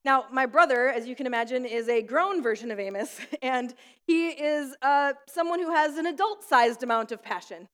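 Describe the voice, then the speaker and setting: A woman pastor preaching in a hall that leaves a long tail of reverb behind each phrase. Her voice sits a little high, and she tells stories with easy laughter in between. She sounds like a young adult. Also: moderate pace. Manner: warm storytelling with light laughs. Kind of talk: sermon with prayer. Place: school room used for church.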